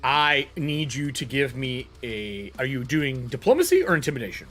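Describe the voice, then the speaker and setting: A game master running an online tabletop game, brisk and explaining rules and rolls over a voice call. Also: mid-range voice, sing-song, a bit bright, soft background music.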